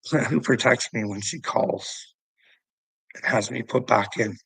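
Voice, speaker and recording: A man's voice: medium pitch, measured pace, creaky, a bit bright, husky, no room sound, poor audio. A middle-aged man delivering an agitated, profane vlog rant. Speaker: vlogger. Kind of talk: ranting vlog monologue.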